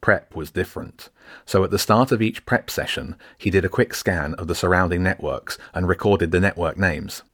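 Author-narrator, deep male voice, measured audiobook read, dry close sound. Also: fairly bright tone, breathy edge, no echo. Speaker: author reading own book.

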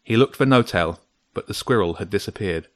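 Male storybook narrator, lower voice, dry close sound, measured and steady. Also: no echo.

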